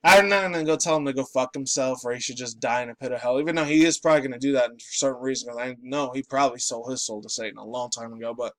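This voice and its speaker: A man's voice: mid-range voice, fast, few pauses, no room sound. A man in his late twenties, just woken up and groggy, ranting and rambling in a profane, casual commentary. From New York City. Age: late 20s. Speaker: pop culture vlogger.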